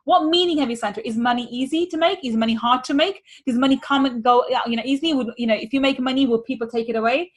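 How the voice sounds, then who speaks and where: A woman's voice: high-pitched, rapid-fire, hardly any pauses. A woman money mindset coach teaching a workshop, repeating key phrases with energy.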